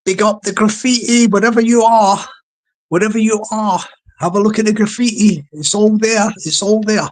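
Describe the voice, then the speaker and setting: A man hosting a casual live stream, rambling through repeated shout-outs to his chat. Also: high-pitched. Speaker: livestream host.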